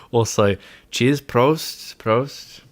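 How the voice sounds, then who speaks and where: A young man hosting a casual livestream chat, rambling and mocking himself with frequent laughter. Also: medium pitch. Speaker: livestream host.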